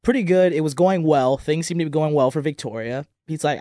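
A man's voice: on the high side, a little fast, dry recording, clean studio sound. A man co-hosting a podcast, recapping a dating show in casual chat and acting out what people said. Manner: animated storytelling, acts out quotes. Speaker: podcast co-host.

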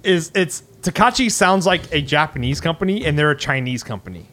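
Male co-host, a bit high-pitched, quippy casual tech chat. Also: animated, brisk, pushed and bright.

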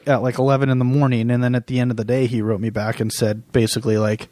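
A man's voice: mid-range voice, little pitch movement, fast, darkish tone, no room sound, studio quality. A man in his thirties co-hosting a casual podcast, rambling with restarts and frequent laughs. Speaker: podcast co-host.

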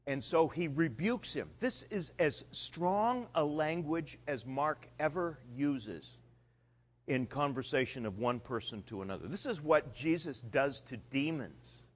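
Male pastor, slightly high voice, animated conversational sermon delivery. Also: a little slow, breathy edge. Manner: animated and conversational, with dramatic pitch swings.

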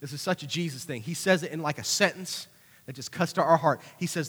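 A man preaching a conversational youth sermon, animated, with acted-out asides. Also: on the high side, brisk, husky. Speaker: youth pastor. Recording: hall reverb.

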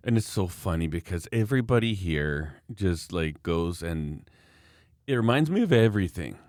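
A man's voice: deep voice, moderate pace, no room sound, studio quality. A man talking in a casual, opinionated, rambling way, acting out the people he quotes. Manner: opinionated, rambling, animated quoting. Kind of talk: casual political chat.

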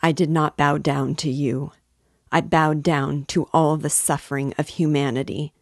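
A woman's voice: deep voice, little pitch movement, measured pace, no room sound, clean studio sound. A woman reading the lines of an intense, feverish young man who lectures almost in a frenzy. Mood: wild.

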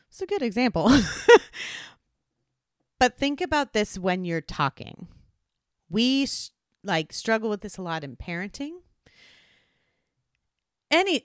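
A woman's voice: medium pitch, no echo, clean studio sound. A woman hosting a solo advice podcast, talking earnestly and acting out different tones of voice. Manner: earnest, animated, acts out tones of voice. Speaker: podcast host.

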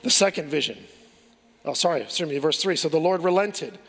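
A man's voice: a little high, animated, fairly quick, fairly bright tone, breathy edge. A man preaching a sermon as pastor, earnest, asking rhetorical questions and restarting his phrases. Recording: long hall reverb.

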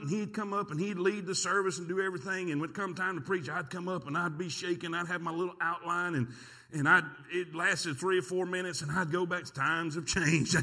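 Animated bright-voiced male pastor preaching. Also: sits high, breathy edge. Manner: animated, folksy, talks to the congregation. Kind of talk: sermon with storytelling. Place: church sanctuary.

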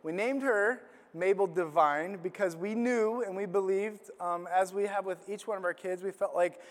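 Brief: middle-aged male pastor, higher voice, storytelling sermon, long hall echo. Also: moderate pace. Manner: personal storytelling, animated and self-deprecating.

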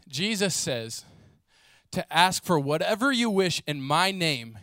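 A man preaching a sermon, telling stories in a lively way and acting out the people in them. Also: fairly high pitch, slow, no echo. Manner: animated storytelling, acts out voices, casual fillers.

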